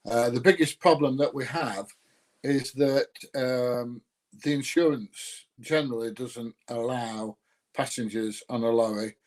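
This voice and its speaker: A man's voice: mid-range voice, a little slow, darkish tone. Rambling South Yorkshire man chatting live. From North Nottinghamshire, England. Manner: rambling, with many ums and uhs; friendly, greets viewers by name. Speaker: YouTuber greeting live chat. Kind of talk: casual live stream chat.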